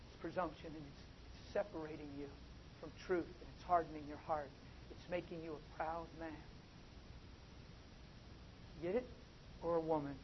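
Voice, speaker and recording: High-voiced preacher, dull lo-fi recording. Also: male voice, steady tone. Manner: shifts between soft asides and loud emphatic preaching; drawn-out emphatic phrasing. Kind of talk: sermon. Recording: dull, lo-fi with faint noise.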